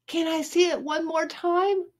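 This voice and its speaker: A woman's voice: extremely high pitch, fairly even intonation, a little slow, voice pushed up. A woman reading aloud voices an adoring fourth-grade girl who coos and fusses. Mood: gushing. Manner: breathy cooing.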